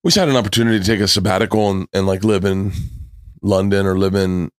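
Low-voiced eager American podcast host. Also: male voice, fairly even intonation, quick pace, no room sound, studio quality. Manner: eager, curious, stumbling restarts. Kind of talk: casual chat.

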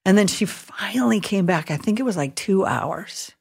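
A woman's voice: medium pitch, expressive, moderate pace, gravelly, darkish tone, slightly rough. A middle-aged woman, a hospital chaplain, telling an emotional story in a casual podcast chat and acting out what she thought and said. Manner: earnest, emotional storytelling with acted-out inner voices.

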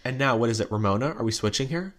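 A man's voice: mid-range voice, fast. A man co-hosting a podcast, recapping reality TV in casual chat and acting out what people said, with lots of "like" fillers. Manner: animated storytelling, acts out quotes, many "like" fillers. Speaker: podcast co-host.

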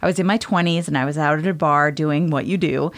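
A woman co-hosting a podcast, telling listener stories in an animated way with frequent laughs. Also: low voice, quick pace. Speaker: podcast co-host. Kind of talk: casual chat, storytelling.

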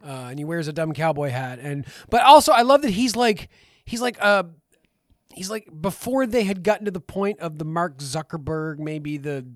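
A man's voice: a little high, moderate pace, no echo. Joking male podcast co-host with a dry close mic. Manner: joking, animated, slips into voices. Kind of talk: casual chat.

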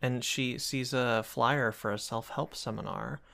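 A podcast co-host in a casual, joking chat about a cartoon. The voice sits at a middle pitch and has a gravelly fry. The delivery is wry and laid-back. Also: fairly even intonation, a little slow, a bit bright.

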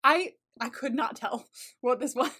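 A woman's voice: sits high, unhurried, pushed and bright, breathy edge. A woman co-hosting a casual TV recap podcast, laughing often, swearing and exclaiming her reactions. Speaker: podcast co-host.

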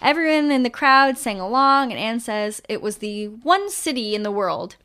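Woman podcast host narrating a band story, lively and chatty. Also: on the high side, moderate pace, clean tone. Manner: animated storyteller, trailing off with fillers. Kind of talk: casual storytelling chat.

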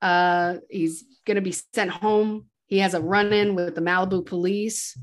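Chatting on her podcast, a female co-host walks through the story of a movie, reciting characters' lines and breaking into occasional laughter. Her medium-pitched voice keeps fairly even intonation at a normal speed.

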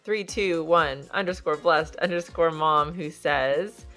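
Low-voiced chatty woman podcast host. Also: slow, fairly bright tone, faint music behind. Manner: chatty storyteller, lots of "like" fillers. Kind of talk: casual chat.

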